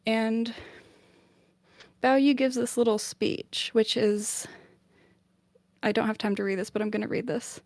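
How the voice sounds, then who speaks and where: Chatty higher-voiced woman, dry sound. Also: unhurried, long pauses, no echo. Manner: chatty, lots of "like", animated summarising. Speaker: book club podcast member. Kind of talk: casual retelling of a novel chapter.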